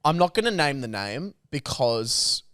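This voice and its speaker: A podcast host tells stories in casual chat, animated and swearing freely. His medium-pitched voice is unhurried, captured in a dry, clean studio recording.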